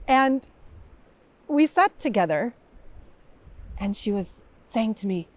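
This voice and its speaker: A woman with a fairly high voice tells a personal story as a spiritual teacher. She speaks reflectively and breaks into soft laughs now and then. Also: expressive, takes it slowly, long pauses.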